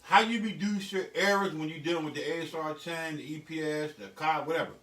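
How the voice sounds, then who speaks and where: Middle-aged guy cussing nonstop while he works on beats, kinda high voice, echoey room. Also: fairly quick, fairly bright tone. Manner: profane, blunt, streetwise. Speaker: beat producer. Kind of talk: casual studio vlog. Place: home music studio. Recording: echoey room, mic at a distance.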